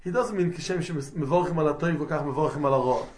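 A man's voice: on the high side, quick pace, a little mellow, a little hiss or hum. A man teaching a Torah lesson, explaining point by point and mixing in Hebrew and terms. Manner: mixes English with Hebrew and Yiddish terms, explanatory. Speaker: rabbi teaching halacha. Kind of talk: Torah lecture.

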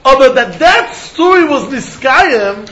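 A man teaching a Talmud lesson, animated, often repeating words as he thinks and breaking into laughs. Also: extremely high pitch, slow. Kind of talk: Talmud study lecture. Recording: roomy, muffled recording with faint background noise.

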